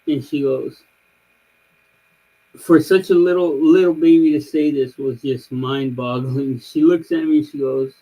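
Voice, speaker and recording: A man's voice: a little high, fairly even intonation, a little slow, warm tone, rough recording. A man in his thirties on a livestream, rambling through a story with lots of fillers and restarts. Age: 30s. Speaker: streamer. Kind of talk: casual chat.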